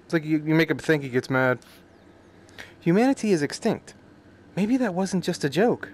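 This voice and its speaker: A man's voice: on the high side, very animated, normal speed, a little hiss or hum. A man streaming a game, reading its subtitles aloud and adding crude, joking commentary full of swearing. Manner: crude, joking, swears often, reacts loudly.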